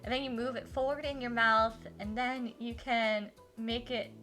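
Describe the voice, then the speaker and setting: A woman's voice: fairly high pitch, steady tone, moderate pace, bright, forceful tone, faint music behind. A young woman streaming a game, chatting and reading aloud with a giggly, self-deprecating manner. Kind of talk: live-stream game playthrough with read-aloud.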